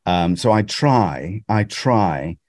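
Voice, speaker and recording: A man's voice: deep voice, expressive, takes it slowly, darkish tone, no room sound, studio quality. A man from Britain, a guest actor, chatting in an interview in a self-deprecating way with frequent restarts. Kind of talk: conversational interview.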